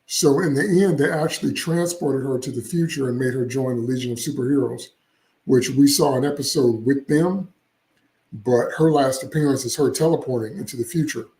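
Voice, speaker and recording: A man's voice: mid-range voice, moderate pace, warm tone, roomy sound, low-quality recording. A man hosting casual solo commentary, opinionated and chatty with frequent asides. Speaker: comics channel host.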